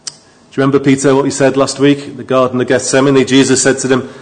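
A man preaching a sermon, moving from quiet, low asides to raised, emphatic appeals to his listeners. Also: flat delivery, fast talker.

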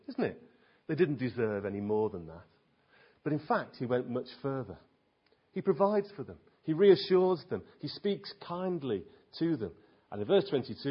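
A man's voice: medium pitch, slightly rough. A man preaching a sermon in an earnest, emphatic way, asking his listeners rhetorical questions. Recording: dull lo-fi recording.

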